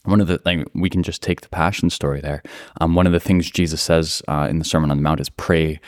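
A man's voice: rumbling low, steady tone, fast talker, no room sound, studio quality. A man co-hosting a casual faith discussion, talking earnestly with frequent "like" and "right?". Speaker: podcast co-host.

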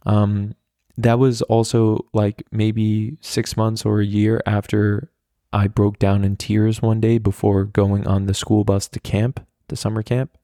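A low, gravelly American man spins a rambling personal story, leaning on fillers and the odd curse. His tone is dark and mellow, and the recording is close and dry with no room around it. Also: little pitch movement, measured pace, dry recording. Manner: rambling, frequent "like" fillers, candid and profane. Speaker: podcast host. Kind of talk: casual storytelling monologue.

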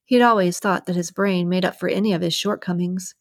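Low-voiced woman narrating a novel. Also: steady tone, brisk, no room sound, clean studio sound. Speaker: audiobook narrator. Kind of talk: scripted narration.

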